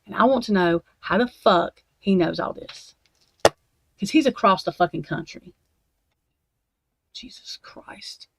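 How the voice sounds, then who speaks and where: A woman's voice: mid-range voice, moderate pace, creaky, background noise. A woman at her desk at home, ranting angrily and swearing as she reacts to true crime documents. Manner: angry, profane ranting.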